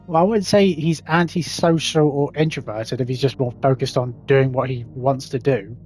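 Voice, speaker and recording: A man's voice: medium pitch, normal speed, a little mellow, soft background music. A young man reading in-game text aloud, stumbling over long words and adding sarcastic, sweary asides. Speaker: gaming YouTuber.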